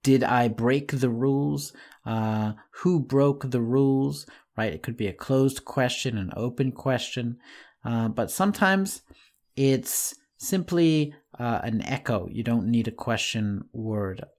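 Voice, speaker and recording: Man, English teacher, online lesson, slow unhurried pace, mid pitch, friendly, patient. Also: darkish tone.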